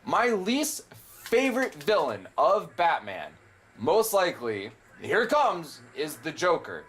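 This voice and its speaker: A man's voice: a little high, wildly swooping pitch, takes it slowly, fairly bright tone, breathy edge. A young man casually commentating a video game, rambling and opinionated, with frequent swearing. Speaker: gameplay commentator. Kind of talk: casual let's play commentary.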